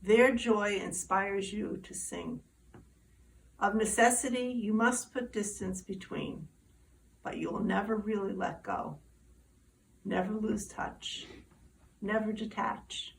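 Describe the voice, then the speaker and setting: A woman reading her poem aloud in a slow, deliberate way. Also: medium pitch, steady tone, creaky. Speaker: poetry reader. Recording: distant mic, faint background noise.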